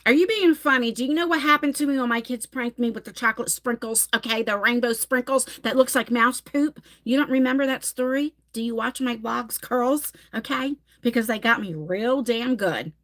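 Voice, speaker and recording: Woman, forties, animated, dramatic, swears casually, chatting with her viewers. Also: fairly high pitch, normal speed, hardly any pauses. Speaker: livestream host. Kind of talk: casual live-stream chat reading comments.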